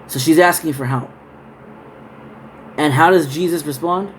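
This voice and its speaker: A man's voice: fairly high pitch, a little hiss or hum, poor audio. Casual man teaching scripture. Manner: reads verses slowly, then explains in loose conversational asides. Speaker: Bible teacher. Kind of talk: scripture reading and casual Bible study talk.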